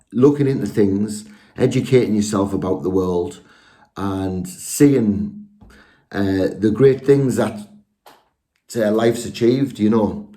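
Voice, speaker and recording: Out of breath, a man with a fairly low, dark voice addresses viewers in a spiritual video. His casual monologue rambles, and he's earnest, often restarting and correcting his sentences.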